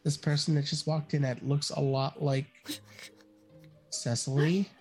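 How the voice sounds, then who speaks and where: A woman's voice: low voice, level tone, measured pace, darkish tone, faint music behind. A woman playing in a tabletop game who chats casually and sounds anxious but playful. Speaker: player.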